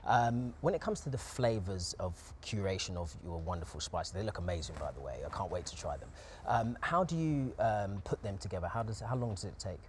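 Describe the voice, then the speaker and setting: A man from Jamaica, hosting a TV talk show interview with lively enthusiasm. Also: lowish voice, fairly quick, hardly any pauses, slight background noise. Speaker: TV host.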